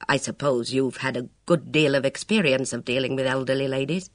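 A reader voicing a reserved, musing police chief inspector in an audiobook. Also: male voice, fairly even intonation, a little fast, a bit bright, no room sound, studio quality, natural voice. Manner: low-key, musing.

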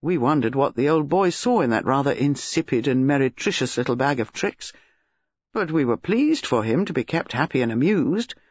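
A man playing a charming, outspoken, rather boastful gentleman with a dry, blunt way of talking. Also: mid-range voice, lively intonation, moderate pace, husky, dry recording. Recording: dull lo-fi recording.

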